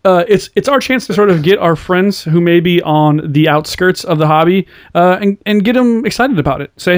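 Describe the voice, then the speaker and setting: A man's voice: high-pitched, moderate pace, hardly any pauses. A man co-hosting a casual podcast, upbeat and jokey, rambling through show plugs. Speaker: podcast co-host.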